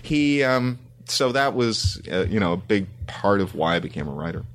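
A man's voice: fairly low pitch, big pitch swings, normal speed, slight background noise. A middle-aged man from Canada, a screenwriter being interviewed, talking casually and rambling with frequent ums and restarts. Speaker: guest screenwriter.

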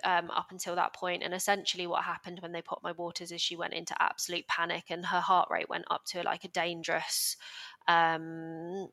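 Bright-voiced young British woman, emotional and rambling. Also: fairly low pitch, monotone, brisk, vocal fry. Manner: emotional, rambling with many restarts and fillers. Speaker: podcast guest. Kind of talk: candid conversational storytelling.

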